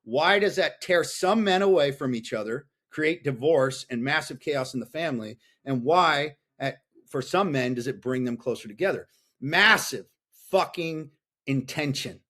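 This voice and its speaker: A middle-aged man talking as a guest on a podcast over a call, blunt and intense, swearing freely and asking himself rapid questions. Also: on the high side, a bit bright. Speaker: podcast guest, fathers' coach. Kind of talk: candid podcast conversation. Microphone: remote call.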